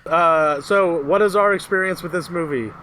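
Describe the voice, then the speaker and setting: A man's voice: on the high side, normal speed, pushed and bright, a little hiss or hum. A man co-hosting a casual podcast, announcing plans in a loose, laughing way. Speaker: podcast co-host. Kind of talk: casual chat.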